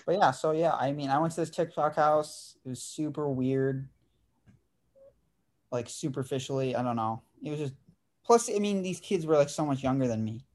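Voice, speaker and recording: A man's voice: a little high, normal speed, a little mellow. Laid-back young man telling stories. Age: 20s. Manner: laid-back storyteller, says "dude" and "like" often. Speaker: podcast host. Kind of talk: casual chat.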